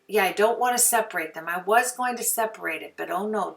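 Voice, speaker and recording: A woman's voice: mid-range voice, normal speed, creaky, fairly bright tone, recorded from a distance. A woman hosting a casual craft tutorial, chatting to viewers and talking to herself as she works. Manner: chatty, talks to herself while working. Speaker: crafting video host.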